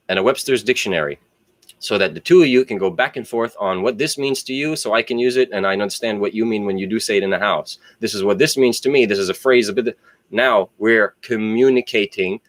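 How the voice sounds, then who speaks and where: A man's voice: lowish voice, fairly quick, dry recording. A man, rambling and philosophizing in a profane solo monologue. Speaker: solo video host.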